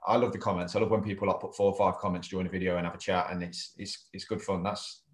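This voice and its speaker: A man's voice: low-pitched, little pitch movement, fast talker, roomy sound. An English man co-hosting a casual chat, talking readily with frequent restarts and easy laughs. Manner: chatty, laughs easily, restarts often. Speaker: co-host of a collectors' chat show. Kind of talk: casual video-call chat.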